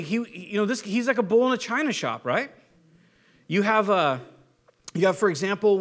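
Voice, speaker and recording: A man preaching a casual, joking sermon as a pastor, with animated delivery and frequent restarts. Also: high-pitched. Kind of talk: conversational Bible teaching sermon.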